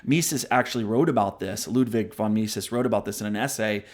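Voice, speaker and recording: A man's voice: on the low side, a little fast. A man hosting a book review show, explaining ideas in casual spoken commentary, often checking in with "right?" and admitting when he digresses. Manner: conversational, explains ideas with frequent "right?" tags; self-aware digressions.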